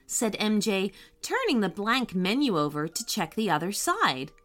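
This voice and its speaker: A woman narrating a children's story in a gentle, expressive read-aloud way. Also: mid-range voice, measured pace, hardly any pauses, faint music behind.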